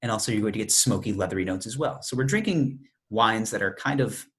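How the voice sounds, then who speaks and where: A man's voice: fairly low pitch, animated, fast talker, a bit bright. A young man co-hosting a casual podcast, laid-back and opinionated, who swears freely. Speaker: podcast co-host.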